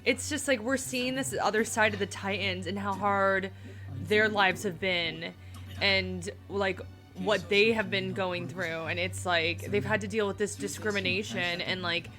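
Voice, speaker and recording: A woman's voice: medium pitch, fairly even intonation, unhurried, sharp tone, soft background music. A young woman hosting a casual reaction chat, gushing and emotional, full of "um" and "like". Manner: gushing, emotional, many fillers like "um" and "like". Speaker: host.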